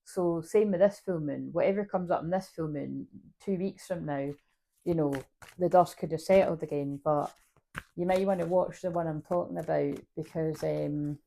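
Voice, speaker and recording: Rambling, gravelly-voiced woman. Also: deep voice, moderate pace, dark tone. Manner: rambling, swears casually, laughs at herself. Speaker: spiritual reader. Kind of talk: casual oracle card reading.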